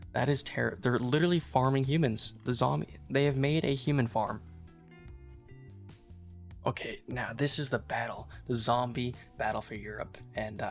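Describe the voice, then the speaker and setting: A man with a gravelly, fry-tinged voice talks through a sandbox game as it unfolds, rambling and amused. His pitch sits at an ordinary middle height, and soft game music plays quietly behind him. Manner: rambling, amused play-by-play with many fillers. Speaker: gaming channel host. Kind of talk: casual gameplay commentary.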